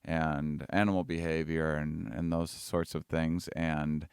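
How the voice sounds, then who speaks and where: A man's voice: rumbling low, little pitch movement, clear, resonant tone, no room sound, studio quality. A man guesting on a podcast, speaking casually with frequent restarts and chuckling at himself. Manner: halting, repeats words, laughs at himself. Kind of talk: casual conversation.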